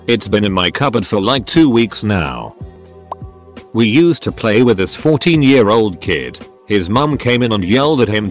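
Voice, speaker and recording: A man reading out online stories in a steady scripted narration. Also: fairly low pitch.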